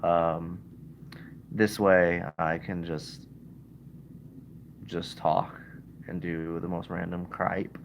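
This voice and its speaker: Slow, gravelly-voiced young man rambling. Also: low voice, little pitch movement, a little hiss or hum, rough recording. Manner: meandering, many fillers. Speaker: vlogger. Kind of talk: casual rambling livestream. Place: in bed at home.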